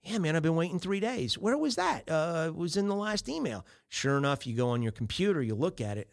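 A man hosting a podcast, giving casual business advice and acting out quoted emails in quick voices. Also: fairly high pitch, sing-song, gravelly. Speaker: podcast host.

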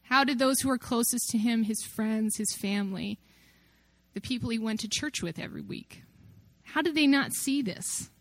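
A woman's voice: fairly high pitch, moderate pace, no room sound. A woman giving a personal testimony talk about faith, earnest and reflective, with rhetorical questions that build up.

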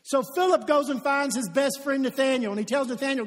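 A pastor from Kentucky preaching a sermon, telling stories and acting out the dialogue in them. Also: male voice, very high voice, brisk, few pauses, in a large hall. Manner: lively storytelling, acts out quoted dialogue.

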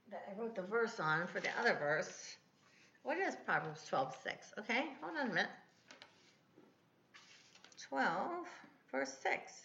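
A woman's voice: mid-range voice, bright, forceful tone, roomy sound, dull audio, slight background noise. A woman in her fifties, a podcast host rambling and correcting herself in a casual devotional talk. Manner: chatty, rambling, self-correcting.

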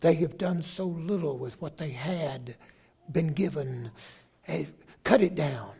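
An older man, a bishop preaching a sermon, telling a story with halting restarts and acting out the voices of the people in it. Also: a little high, dark tone, breathy edge.

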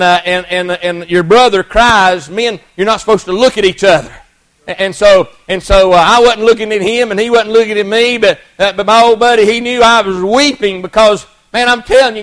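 Man, middle-aged, preacher; high-pitched, folksy storytelling sermon. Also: a bit bright, rough recording. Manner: folksy, earnest, many restarts and repeated words.

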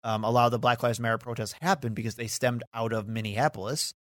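A man co-hosting a political podcast in casual chat, talkative and quick to laugh. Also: mid-range voice, fairly even intonation, no echo, clean studio sound. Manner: talkative, laughs often, hedging asides. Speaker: podcast co-host.

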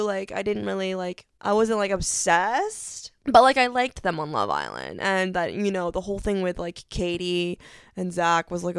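A woman's voice: fairly low pitch, clear, resonant tone, no room sound, clean studio sound. A young woman hosting her own podcast, telling a story in bubbly, gushing casual chat full of fillers. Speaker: podcast host.

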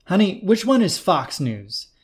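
A frail, dying old father fresh out of prison, as a male narrator voices him, gruff and self-pitying. His voice stays close to the reader's own middle register, just a little raised. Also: mid-range voice, animated, moderate pace, a little mellow, natural voice. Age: older.

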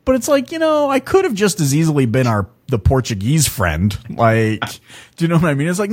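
A man from Canada hosts a relaxed podcast interview, in his thirties and easygoing. He jokes, laughs often, and fills his talk with little fillers and restarts. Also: on the high side, fairly quick. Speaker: podcast host. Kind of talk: casual interview chat.

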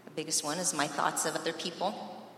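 A woman telling her personal faith testimony in an earnest, emphatic way, with dramatic pauses. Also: low voice, level tone, a bit bright, a little hiss or hum. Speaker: speaker giving a personal testimony. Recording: echoey hall from far off, faint ambience.

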